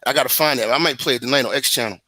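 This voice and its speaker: A man's voice: medium pitch, rapid-fire, pushed and bright, dry recording. A man from the United States calling in from abroad, talking politics in a heated, profane, rambling way with many restarts. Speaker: guest on a talk stream. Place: living in Germany.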